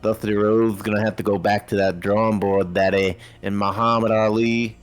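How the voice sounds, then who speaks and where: A man's voice: fairly low pitch, level tone, normal speed, soft background music. A man casually recapping a wrestling game storyline with playful jokes. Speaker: game player.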